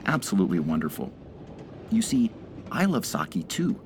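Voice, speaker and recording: Beaming old storybook gentleman in his seventies, high and gentle, chatty, as a man puts him on. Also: huge pitch swings, moderate pace, a little hiss or hum. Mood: cheerful chatting. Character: tiny cheerful Japanese man in his seventies.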